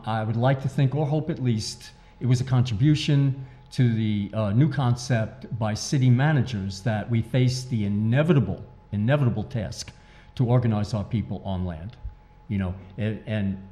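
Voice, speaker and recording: A man's voice: medium pitch, dark tone. A man appearing as an author and activist guest, talking earnestly and emphatically and repeating his main points. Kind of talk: interview talk.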